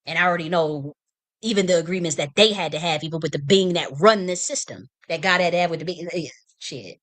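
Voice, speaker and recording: A woman's voice: on the low side, fairly quick. Fiery, profane woman ranting on livestream. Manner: heated, profane, repetitive restarts. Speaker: livestream host. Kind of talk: impassioned political livestream rant. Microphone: streaming mic.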